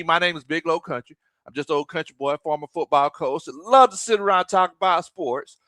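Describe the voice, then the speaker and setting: A man, a former football coach hosting a casual sports livestream in a folksy, animated way, shouting out viewers by name. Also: on the high side, a little fast, no room sound.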